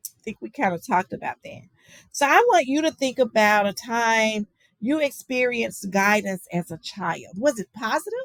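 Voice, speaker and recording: Woman lecturer, fairly high voice, dry close sound, loose chatty delivery full of fillers and "okay?" checks. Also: animated, moderate pace, a bit bright, no room sound, rough recording. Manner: conversational, many fillers and asides, checks in with "okay?". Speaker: teacher. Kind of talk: virtual lecture on child guidance.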